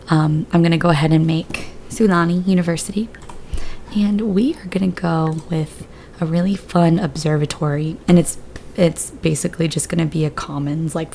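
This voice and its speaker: Hoarse, low-voiced woman chatting over gameplay. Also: warm tone, a little hiss or hum. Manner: rambling, chatty, a bit scattered. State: hoarse after surgery, voice lower than usual. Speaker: gaming video creator. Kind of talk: casual gameplay commentary.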